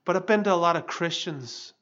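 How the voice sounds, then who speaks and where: A man's voice: high voice, fairly quick, a bit bright, dull audio. Earnest man in his fifties preaching. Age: 50s. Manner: earnest, emphatic preaching with rising intensity. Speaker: pastor. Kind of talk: sermon.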